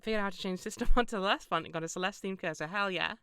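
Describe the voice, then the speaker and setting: A woman's voice: mid-range voice, rapid-fire, fairly bright tone, clean tone, no echo, studio quality. A young British woman streaming a game, chatting casually in a rambling, self-deprecating way with frequent laughs. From Britain. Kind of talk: casual gameplay stream chat.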